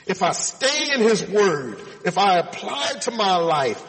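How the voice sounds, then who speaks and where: Male preacher, sermon delivery with animated, swooping intonation; reverberant hall sound. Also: sits high, measured pace. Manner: reads scripture then explains it, addressing listeners as friends.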